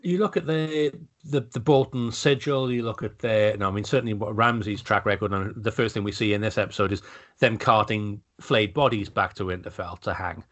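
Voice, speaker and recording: A man's voice: fairly low pitch, brisk, a bit bright. Blunt man, stammering restarts. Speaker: podcast co-host. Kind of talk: casual chat reviewing a TV episode.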